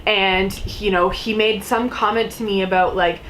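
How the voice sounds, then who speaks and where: A young woman vlogger telling a story casually, full of "like" and "you know", jumping into higher voices when she acts out what people said. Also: moderate pace, a little hiss or hum, rough recording. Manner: animated storytelling, acting out quotes in a higher voice; filler-heavy, lots of "like" and "you know".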